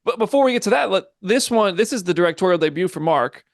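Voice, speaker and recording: A male interviewer with a fairly high voice asks eager, chatty questions at a quick clip. The recording is dry and close, with little room sound. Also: lively intonation, dry recording. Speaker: interviewer host. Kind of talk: entertainment press interview.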